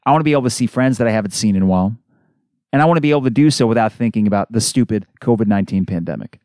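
A man hosting a solo sports podcast, ranting in an exasperated, animated way. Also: fairly low pitch, rapid-fire, no echo, studio quality. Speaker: podcast host.

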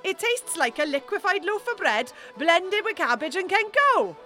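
A woman's voice: very high voice, big pitch swings, normal speed, bright, forceful tone, faint music behind, voice pushed up, heavily acted. A woman voicing a cheeky Welsh woman who pretends to be Irish in a comedy radio sketch, with a Welsh accent, stretching her lines and throwing in put-on Irish phrases. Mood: indignant.

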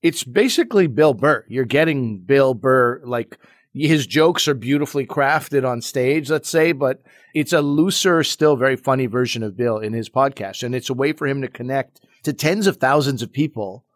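A man who teaches comedy, talking in a relaxed, reflective way during a casual podcast conversation, with frequent "you know" asides. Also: mid-range voice, moderate pace, no echo, studio quality.

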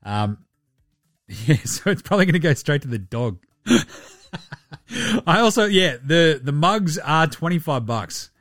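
A man's voice: a little high, lively intonation, measured pace, long pauses, fairly bright tone, no echo, clean studio sound, soft background music. An Australian man hosting a podcast, chatting casually and rambling with plenty of swearing and jokes. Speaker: podcast host. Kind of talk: casual sports chat.

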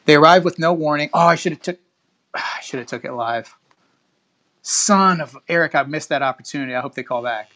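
A man's voice: mid-range voice, bright, forceful tone. Chatty man hosting a podcast. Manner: chatty, laughs while reading, digresses. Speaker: podcast host. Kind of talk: casual podcast talk and news reading.

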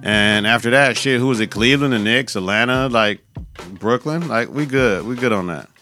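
A man's voice: mid-range voice, moderate pace, sharp tone, faint music behind. Profane, slangy man talking sports. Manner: loose, profane, slangy, conversational. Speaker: podcast host. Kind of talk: casual sports talk.

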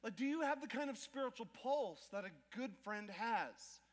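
In a spacious church auditorium full of lingering reverb, a pastor preaches at a moderate pace in an unusually high voice. His sermon is animated, with acted-out scenes and joking asides aimed at the congregation.

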